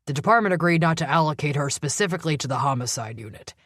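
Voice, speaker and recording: A woman voicing a gruff, growling old commander. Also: low-pitched, animated, fast, fairly bright tone, no room sound, clean studio sound. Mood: grudging. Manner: defensive, curt, raises voice. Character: gruff older male police commander, irritable. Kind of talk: audiobook character voice.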